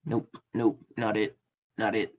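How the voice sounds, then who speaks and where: Slow, easygoing male game master. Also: fairly low pitch, little pitch movement, lo-fi sound. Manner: unhurried, with many filler pauses. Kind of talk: narrating a tabletop game. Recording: faint background noise.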